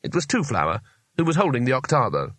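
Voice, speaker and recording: A male narrator reads a comic fantasy novel in a measured, expressive way, with a lively, varied pitch. The recording is dry and close, with no room sound at all. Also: no room sound. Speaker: audiobook narrator. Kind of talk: scripted narration.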